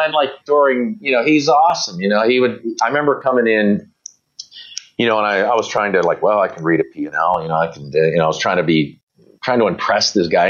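A low-pitched man recounts stories in a loose, rambling way, with plenty of "you know" and false starts. He slips into quoted voices of the people in his stories. The sound is dull and muffled. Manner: rambling anecdotes with quoted voices, many fillers and restarts. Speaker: guest. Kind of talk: casual storytelling interview.

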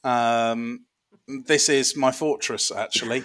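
A man playing a deadpan rambling dwarf. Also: mid-range voice, slow pace. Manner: rambling, deadpan, hesitant with many ums. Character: dwarf man running an underground fortress. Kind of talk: comic in-character bit on a podcast.

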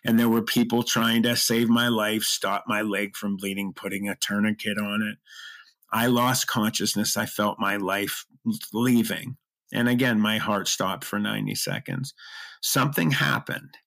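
A middle-aged man telling a personal story as an interview guest, earnest and emotional, with halting restarts. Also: fairly low pitch, creaky, a bit bright.

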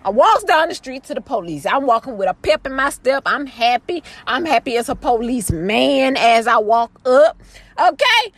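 A woman telling a story about her family to viewers in a chatty, dramatic way, jumping between loud exclaims and low asides and calling out to the audience. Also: lively intonation, normal speed. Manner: chatty, addresses the audience directly with "girl" and "y'all". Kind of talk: casual storytelling to camera.

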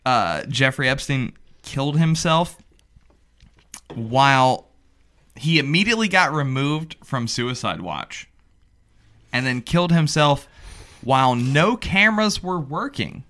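A man's voice: medium pitch, lively intonation, slow, pushed and bright. A man co-hosting a comedy podcast, teasing his guest and making mock-announcer asides. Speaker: podcast co-host. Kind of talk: casual comedy podcast banter.

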